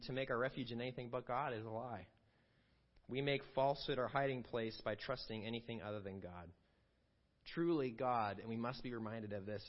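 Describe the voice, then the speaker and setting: A man preaching a sermon in a conversational way, with fillers and asides to the congregation. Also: fairly high pitch. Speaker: pastor. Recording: dull lo-fi sound.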